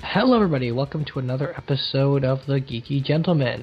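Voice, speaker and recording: A man's voice: mid-range voice, quick pace. A man co-hosting a podcast in casual chat, jokey and self-mocking, laughing often. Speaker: podcast co-host. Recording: dull lo-fi recording with faint music.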